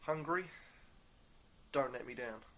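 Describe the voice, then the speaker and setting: A man reviewing a beer on camera in a casual, upbeat way, pausing often to search for words. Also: medium pitch, vocal fry, sharp tone. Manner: upbeat and enthusiastic.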